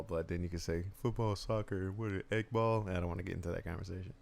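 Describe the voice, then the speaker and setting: A man from Minnesota with a Minnesota accent, hosting a casual stream chat, animated and teasing. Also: low-pitched, fast talker, vocal fry, hardly any pauses. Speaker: streamer host.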